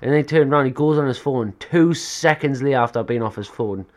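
A man co-hosting a podcast, telling a story in casual chat, animated, swearing and laughing often. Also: mid-range voice, fairly quick. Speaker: podcast co-host.

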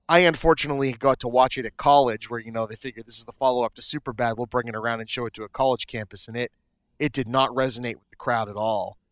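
An excitable young man chatting casually as a podcast co-host. He talks in bursts, stumbles over restarts and swears freely. His voice sits mid-range and sounds close and dry. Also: mid-range voice, clear, resonant tone, no room sound. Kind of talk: casual chat.

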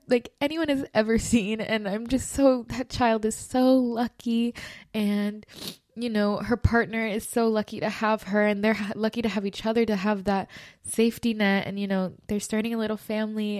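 A young woman hosting a casual solo podcast, talking in a gushing, animated way with many fillers and restarts. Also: medium pitch, normal speed, dry recording, clean studio sound. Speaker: podcast host.

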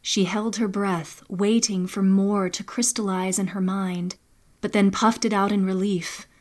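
Woman, scripted storybook narration, soft-spoken, slow, measured. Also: mid-range voice, flat delivery. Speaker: podcast narrator and producer.

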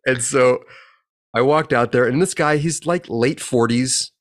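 A man in his forties telling a profane, animated story in a casual chat as a podcast co-host. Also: medium pitch, a little slow. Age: 40s.

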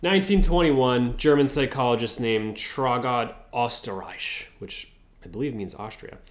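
A man's voice: medium pitch, measured pace, reverberant. A man co-hosting a podcast, reading a story from his notes and tossing in joking asides. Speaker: podcast co-host. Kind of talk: casual podcast chat.

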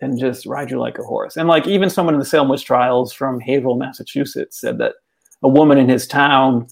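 A man, an author and guest, telling a folk tale in casual conversation, animated and full of "like.". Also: mid-range voice, fairly quick, gravelly. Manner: animated, casual, many fillers like "like". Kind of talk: storytelling in conversation.

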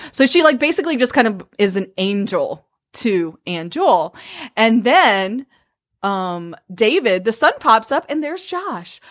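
A woman in casual chat, eagerly recapping a romance novel in quick bursts and speaking straight to the listeners. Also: a little high, sing-song. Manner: enthusiastic, quick bursts, addresses listeners directly. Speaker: book discussion co-host.

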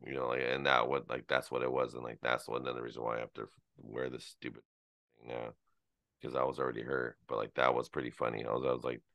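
Man, very deep voice, gravelly, sharp edge, rambling podcast co-host. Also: little pitch movement, fast, no echo. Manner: rambling, filler-heavy storytelling. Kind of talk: casual podcast chat.

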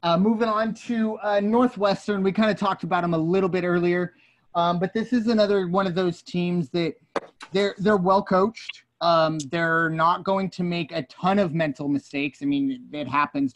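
A man's voice: sits high, fairly even intonation, normal speed. A man in casual sports talk, speaking from a hot apartment room with a loose, hesitant delivery and fillers.

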